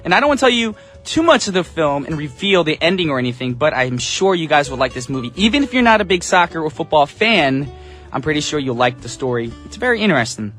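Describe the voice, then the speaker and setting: A man's voice: fairly high pitch, sing-song, fast, fairly bright tone, faint music behind. A man from the United States hosting a morning radio show in an upbeat, chatty, self-joking way. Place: radio studio.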